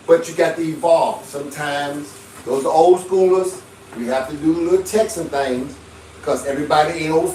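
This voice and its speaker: High-voiced man giving livestream advice. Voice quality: preachy, storytelling, chuckles often. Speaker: livestream host. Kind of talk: casual advice talk. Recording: roomy, distant from the mic, faint background hiss.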